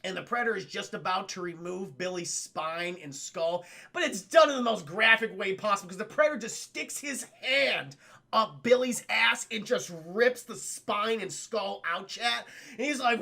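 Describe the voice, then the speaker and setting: Brief: male streamer, high voice, animated and profane, talking to chat. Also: normal speed, gravelly. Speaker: streamer and film reviewer. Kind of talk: casual livestream film recap.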